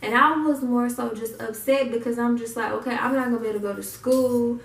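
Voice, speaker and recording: A woman's voice: fairly high pitch, fairly quick, creaky, recorded from a distance. A young woman telling a personal story, acting out what people said. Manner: animated retelling, acts out quotes. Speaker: vlogger. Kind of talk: casual storytime. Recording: echoey room, mic set back.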